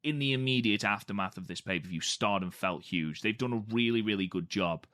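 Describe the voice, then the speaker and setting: Bright-voiced man chatting. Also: fairly low pitch, brisk. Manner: chatty, repeats words for emphasis. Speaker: podcast co-host. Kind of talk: casual podcast chat.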